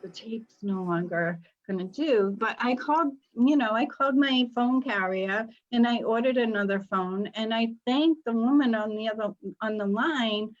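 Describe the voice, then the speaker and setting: A woman's voice: a little high, normal speed, few pauses, muffled recording. A middle-aged woman hosting a live online panel, talking in an upbeat, chatty way about spiritual ideas. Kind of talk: casual panel talk.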